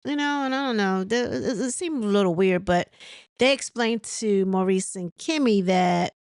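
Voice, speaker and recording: A woman's voice: mid-range voice, moderate pace, a little mellow, clear, resonant tone, no room sound, clean studio sound. Chatty woman recapping reality TV. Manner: rambling, laughs and mimics cast members' lines; many fillers and restarts. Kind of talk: casual chat recapping an episode.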